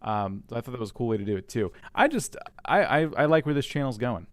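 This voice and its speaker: Playful guy co-hosting a live review, smooth clear voice, dry room. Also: mid-range voice, expressive, quick pace, no room sound. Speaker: co-host reviewer. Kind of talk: casual panel chat reviewing channels.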